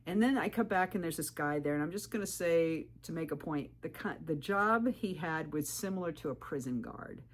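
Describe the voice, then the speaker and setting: A woman telling her hiking stories to the camera in a vlog, animated and firm, jumping up in pitch when she quotes people. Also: moderate pace, few pauses. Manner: firm and direct. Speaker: thru-hiker vlogger. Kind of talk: storytelling vlog advice.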